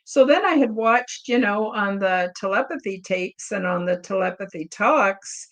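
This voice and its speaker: A woman podcast host chatting with her live audience. She talks in a loose, rambling way, full of "you know" fillers, and wears her feelings openly. Her voice sits at an ordinary middle pitch for a woman. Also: expressive, measured pace, a bit bright. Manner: openly emotional. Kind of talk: casual live-chat storytelling.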